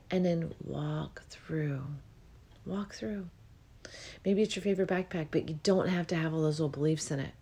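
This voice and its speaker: A woman hosting a spiritual podcast, talking alone in a relaxed, meandering way and yawning often as she goes. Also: fairly low pitch. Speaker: podcast host.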